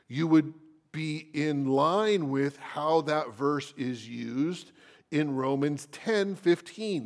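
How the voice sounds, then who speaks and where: A male pastor delivers an expository sermon at an unhurried, deliberate pace. His voice has a gravelly, creaky texture. He keeps reading scripture and asking the congregation questions. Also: mid-range voice.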